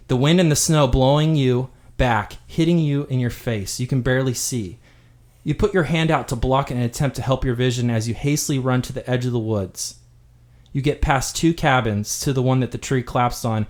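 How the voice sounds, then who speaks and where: A man in his role as game master, narrating a tabletop game backstory with steady, dramatic storytelling. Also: medium pitch.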